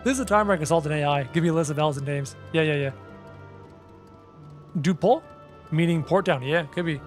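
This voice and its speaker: A Canadian man streams a game, his voice a little high and racing as he chats casually with viewers and mutters while reading lists aloud. Faint music plays behind him in this casual live-stream chat.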